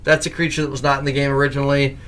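A man hosting a casual gaming podcast, telling stories in a lively way and laughing often. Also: mid-range voice, racing, clear, resonant tone. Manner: animated storyteller who laughs often. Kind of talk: casual chat.

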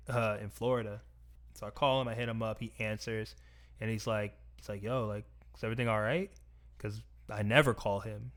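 A young man telling a personal story in a reflective, earnest, soft-spoken way. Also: fairly low pitch.

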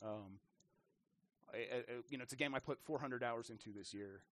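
A man with a mid-range voice speaks a little fast while trading game stories in a casual podcast conversation. He tells them with animation, restarts often, and plays out the quoted lines himself.

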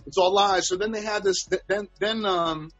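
A man's voice: sits high, steady tone, moderate pace, fairly bright tone, dry recording, highs cut off, faint music behind. A man telling rambling, profane stories in a casual chat from home.

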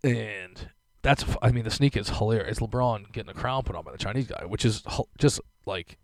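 With a lowish, slightly mellow voice and a brisk pace, a young man rants casually on his podcast. He swears, rambles, and uses plenty of fillers. The recording is dry.

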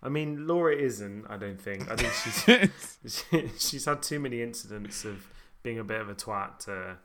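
A man's voice: lowish voice, animated, normal speed, crowd noise. A man, co-hosting a casual chat with dry wit. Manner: dry wit, chatty with fillers. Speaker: podcast co-host.

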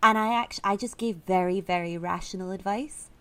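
A woman's voice: mid-range voice, moderate pace, sharp tone, clean tone. Female comedian, mid-range voice, chatty and self-correcting anecdote style. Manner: rambling, self-correcting storyteller, laughs at own jokes. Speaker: comedian guest. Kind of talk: casual chat, comic anecdote.

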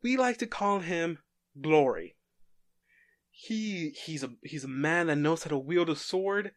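A man's voice: on the high side, no room sound, studio quality. A man voicing a cocky, smug masked male warrior who talks in a breezy, mock-polite way.

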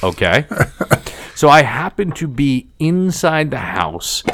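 A man's voice: on the high side, takes it slowly, no echo. A man in his forties telling a family story in casual chat, swearing and acting out the people he quotes. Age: 40s. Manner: animated, swears, acts out quoted voices.

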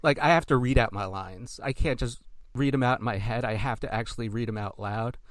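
A man's voice: medium pitch, a little fast, no room sound. A man co-hosting a podcast, recapping a cartoon episode in casual chat and acting out characters' lines. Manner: animated storyteller, acts out characters' lines. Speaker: podcast co-host.

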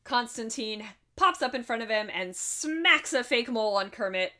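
A woman's voice: on the high side, lively intonation, normal speed, pushed and bright. A woman co-hosting a podcast, breezily recapping a film plot with frequent laughs and swearing. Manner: breezy, profane, laughs often. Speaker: podcast co-host. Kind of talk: casual movie recap chat.

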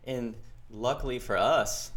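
A man hosts a podcast episode in a loose, joking way, bantering easily with his co-hosts. His delivery is casual and relaxed. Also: mid-range voice, measured pace. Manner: laid-back, joking banter. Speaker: podcast host. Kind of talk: casual chat.

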